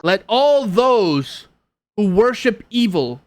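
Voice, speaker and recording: A man's voice: high-pitched, very animated, slow pace, no echo, pitched above the performer's own voice, exaggerated voice. A man voicing a fierce, righteous woman warrior who speaks in grand, old-fashioned proclamations. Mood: proclaiming.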